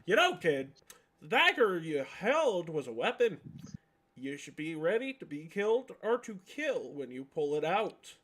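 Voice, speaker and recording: A man's voice: on the high side, sing-song, unhurried, fairly bright tone, exaggerated voice. A man voicing a stern but awkward male adventurer in a tabletop game.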